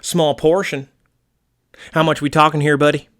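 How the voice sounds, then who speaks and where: A man's voice: on the high side, flat delivery, moderate pace, a bit bright, lightly acted. A man doing a brash, gun-loving rural guy. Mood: boastful. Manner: blustering, crude and folksy. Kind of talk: comedy sketch acting.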